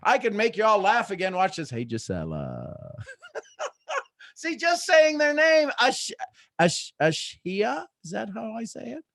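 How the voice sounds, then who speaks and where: Male motivational host, high voice, preachy, big swings in energy, dry booth sound. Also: normal speed, vocal fry, dry recording. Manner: preachy, swings between soft asides and loud excited bursts. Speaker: host of a live morning motivational show.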